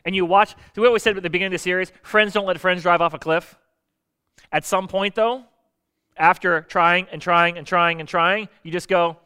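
Smooth-voiced conversational male preacher. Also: high-pitched, moderate pace. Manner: conversational and lively, acting out quoted voices; explaining Bible verses with everyday examples. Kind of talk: sermon.

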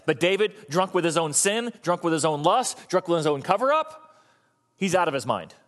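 A man in his thirties preaching a sermon, telling the story with animated, acted-out voices. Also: fairly high pitch, moderate pace. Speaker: pastor.

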